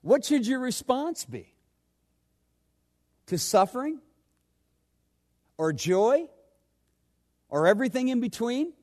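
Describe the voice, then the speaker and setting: Preacher man swinging loud to hushed. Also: sing-song, slow, long pauses. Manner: dramatic swings between loud urgent questions and hushed low asides. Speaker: pastor. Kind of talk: sermon.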